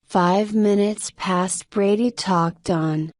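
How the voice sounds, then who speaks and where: A woman narrating a novel slowly and carefully for English learners. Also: medium pitch, steady tone, no room sound, studio quality. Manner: slow, careful reading.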